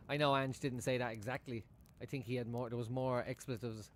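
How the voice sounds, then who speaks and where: A man's voice: mid-range voice, fairly even intonation, brisk, hardly any pauses, a little hiss or hum. A man chatting casually at home while he watches a football match live for his stream, swearing freely and laughing often. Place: room at home.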